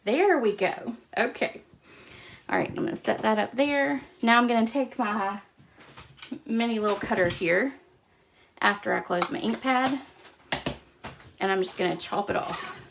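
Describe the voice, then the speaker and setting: A woman's voice: a little high, measured pace, gravelly, long pauses, background noise. A middle-aged woman hosting a live craft demonstration, chatting casually as she stamps, cuts and explains each step. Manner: chatty, talks while working with hands. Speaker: crafting host.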